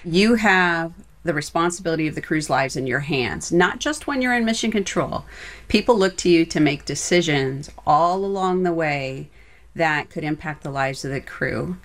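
A woman's voice: deep voice, lively intonation, normal speed. A woman, a former flight director, answering interview questions in an earnest, reflective way.

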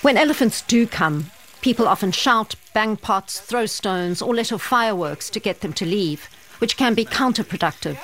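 A woman narrating a news report in a measured, scripted way. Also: mid-range voice, expressive, a bit bright. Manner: measured, clear storytelling.

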